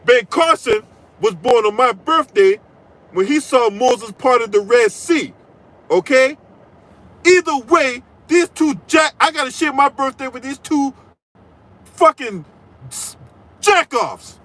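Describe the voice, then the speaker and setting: Man with a very high voice, bright and sharp, profane mocking rant, crude commentary. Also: lively intonation, slow, pauses often, rough recording. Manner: mocking, crude trash talk, frequent "right?". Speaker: political commentary channel host.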